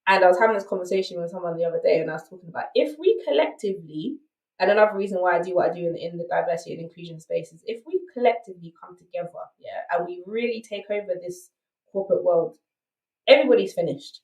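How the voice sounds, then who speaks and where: A woman's voice: lowish voice, quick pace, darkish tone, roomy sound, recorded from a distance, poor audio. A woman with a South London accent, a podcast guest telling her story candidly and emphatically, often checking in with "right?". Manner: emphatic, rhetorical asides like "right?".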